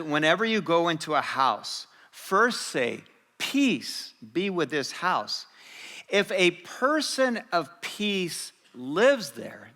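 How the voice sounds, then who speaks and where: A middle-aged male pastor delivers a sermon, telling stories with animated energy. His voice is bright and sits somewhat high. A long hall reverb trails his words. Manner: animated, lively storytelling with laughter. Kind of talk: sermon with personal storytelling. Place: church.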